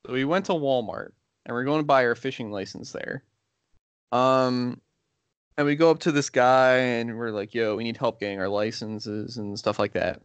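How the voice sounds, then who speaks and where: A man's voice: mid-range voice, moderate pace, smooth, no room sound, lo-fi sound. Rambling young man telling a story. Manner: rambling, full of "like" and "you know". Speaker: podcast co-host. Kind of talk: casual storytelling.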